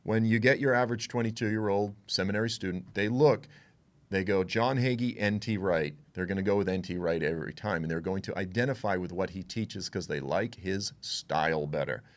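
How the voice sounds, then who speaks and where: A man giving a conversational Bible teaching, frank and animated, acting out what others would say. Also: low-pitched, a little fast. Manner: animated, frank, with asides and quoted voices.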